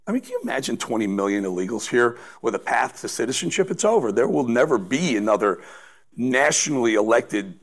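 A man's voice: mid-range voice, very animated, brisk. A man giving political commentary as a guest, emphatic, with stammering restarts.

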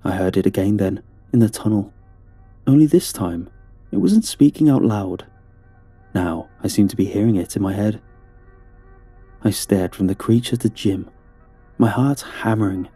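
A man's voice: lowish voice, normal speed, pauses often, warm tone, slightly rough, no room sound, faint music behind. A man narrating a first-person horror story in a tense, dramatic storytelling manner.

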